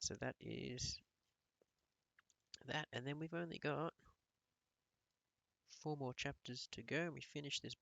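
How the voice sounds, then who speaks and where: A man reading a novel aloud to his class as a teacher, expressive and lively, then setting questions. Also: medium pitch, vocal fry, no echo.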